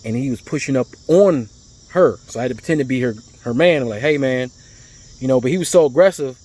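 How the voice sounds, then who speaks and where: Man, casual vlog storyteller, mid-pitched voice, rambling and animated. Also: fast. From United States. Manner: rambling, repeats words, animated when telling stories. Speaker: vlogger.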